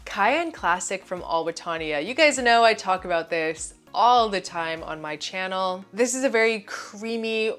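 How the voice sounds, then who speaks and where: A woman hosting her own channel, giving an enthusiastic, chatty review of perfumes and often saying "like" as a filler. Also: medium pitch. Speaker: fragrance reviewer. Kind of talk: casual product review to camera.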